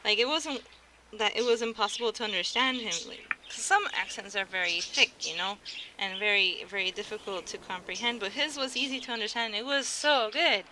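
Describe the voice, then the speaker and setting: A woman's voice: mid-range voice, brisk. A young American woman streaming, chatting casually and giggling, often restarting her sentences. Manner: chatty, giggly, self-interrupting. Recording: clear background noise.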